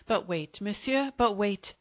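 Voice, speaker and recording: A woman's voice: medium pitch, lively intonation, a little slow, a bit bright, muffled recording. A woman voicing a small, furious male French apothecary who rants indignantly. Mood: outraged. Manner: ranting, indignant.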